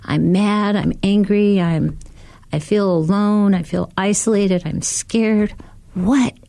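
A woman's voice: medium pitch, gravelly, mellow, no echo. A woman who co-hosts a ministry show and leads women's groups, giving an earnest devotional talk. She repeats phrases for emphasis and asks many rhetorical questions.

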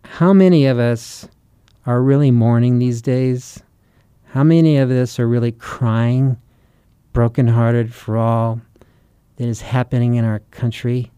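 A man's voice: medium pitch, steady tone, a little slow, warm tone, smooth, dry recording, studio quality. A man, a Christian author and preacher, delivering an earnest, urgent sermon full of rhetorical questions. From United States. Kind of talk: sermon-style teaching.

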